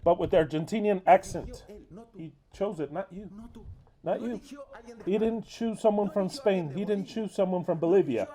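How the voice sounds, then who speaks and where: A man's voice: sits high, normal speed, mellow. A man giving an English voice-over interpretation of a sermon, crude, scolding and emphatic.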